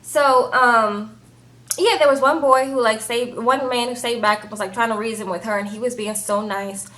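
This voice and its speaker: A woman reviewing a reality show in a casual, animated chat, often tagging lines with "okay?" and "baby". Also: a little high, moderate pace.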